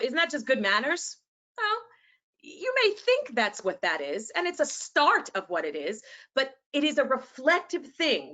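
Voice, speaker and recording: A woman with a New York accent, presenting passionately to teachers and sometimes talking fast. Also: fairly high pitch, a bit bright. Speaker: educator and presenter.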